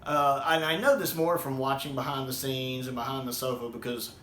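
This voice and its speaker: A man's voice: medium pitch, fairly even intonation, a little fast, fairly bright tone, a little hiss or hum. American guy rambling through a review, lots of ums, echoey room. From United States. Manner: rambling, with many ums and repeated words. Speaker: video reviewer. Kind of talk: casual spoken review.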